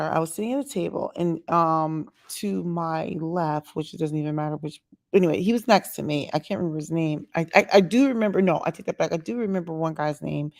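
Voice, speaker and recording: A woman telling a story on her vlog in a chatty, animated way, quoting the people she met. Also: low voice. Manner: chatty, animated retelling with quoted asides. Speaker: vlogger. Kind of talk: casual storytelling monologue.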